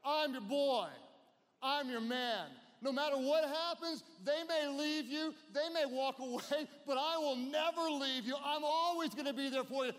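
Picture a bold, loudmouthed disciple who likes to brag, as a preacher voices him. The voice sits high and carries a long echo around a large hall. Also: male voice, steady tone, very fast, lightly acted. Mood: boastful. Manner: boastful, emphatic.

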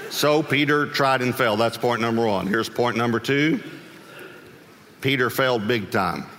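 A man preaching a sermon with humor, acting out scripture voices and breaking into sudden shouts. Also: medium pitch, normal speed, big-room sound, slight background noise. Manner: humorous, acts out Bible voices, bursts into shouts.

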